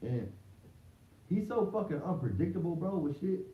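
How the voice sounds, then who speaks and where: A man's voice: high voice, sing-song, normal speed. Man, rambling slangy livestream talk, distant echoey room, dull muffled mic. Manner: slangy, rambling, repeats words and restarts often. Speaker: livestream host. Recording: distant roomy, dull lo-fi mic with faint hiss.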